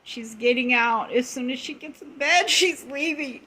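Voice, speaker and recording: A woman's voice: sits high, moderate pace, bright, forceful tone, husky, poor audio. A middle-aged woman on a casual live stream, retelling an upsetting story in an indignant, emphatic way, with lots of repetition.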